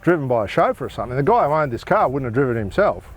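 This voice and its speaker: Fast-talking Aussie bloke. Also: male voice, mid-range voice, big pitch swings. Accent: Australian. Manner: quick, chatty, storytelling. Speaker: co-host. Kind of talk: casual chat. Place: in a car.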